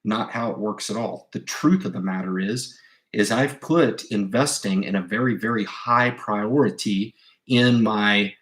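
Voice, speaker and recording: A man's voice: lowish voice, measured pace, fairly bright tone. A man hosting a livestream about investing, talking casually and emphatically, often restarting his sentences. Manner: rambling, emphatic, with repeated restarts; insistent advice to viewers. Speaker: investing channel host.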